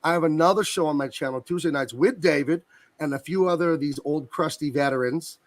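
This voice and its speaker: A man's voice: a little high, fairly quick, no echo. A man who colors comics, talking enthusiastically and at length about his work as a guest on a video call. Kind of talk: casual interview chat.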